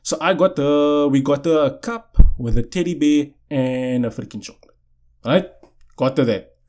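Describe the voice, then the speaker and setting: A man's voice: a little high, normal speed, a little mellow. A young man hosting a podcast, telling a personal story in casual chat, often asking "you know what I'm saying". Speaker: podcast host. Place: indoors, seated.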